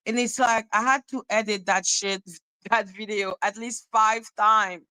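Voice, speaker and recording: A woman hosts a casual commentary monologue, blunt and emphatic, and she swears freely. She takes her time, and her words come out unhurried and deliberate. Her voice is bright and crisp, recorded dry and close with no room sound. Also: mid-range voice, steady tone, no echo, poor audio. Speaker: commentary channel host.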